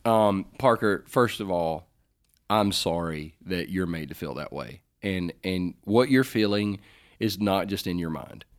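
A man's voice: sits low, animated, unhurried, clean tone. A middle-aged man co-hosting a casual faith advice chat, joking and rambling as he answers listener questions. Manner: joking, rambling, self-correcting.

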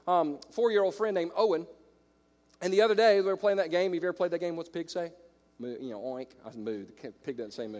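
Male preacher, high voice, fiery, swings hushed to loud, big hall reverb. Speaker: pastor. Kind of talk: sermon.

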